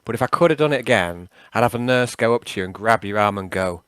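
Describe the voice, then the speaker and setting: A man's voice: fairly low pitch, lively intonation, quick pace, fairly bright tone, smooth, no room sound. A man who is the game master, chatting casually and rambling with self-deprecating restarts. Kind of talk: casual chat between players.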